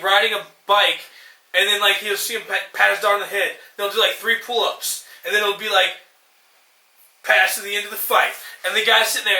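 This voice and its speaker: A man's voice: high-pitched, pushed and bright, reverberant, poor audio. A young man ranting sarcastically and profanely in casual chat, acting out movie lines as co-host. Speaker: podcast co-host.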